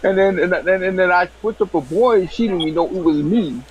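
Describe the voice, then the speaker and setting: A man hosting a podcast, telling stories in a casual, animated way with lots of laughter and restarts. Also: sits high, brisk, husky, rough recording. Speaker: podcast host. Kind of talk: casual storytelling chat.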